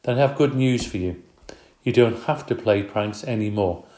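A man voicing a stern but kind middle-aged female teacher in a storybook reading, firm and measured. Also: lowish voice, mellow, reverberant, close to an everyday voice. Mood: gently firm.

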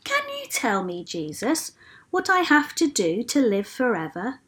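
Sly tricky questioner from a storybook read by a woman, slow and probing, bouncy pitch. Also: wildly swooping pitch, a bit bright, a little hiss or hum, heavily acted.

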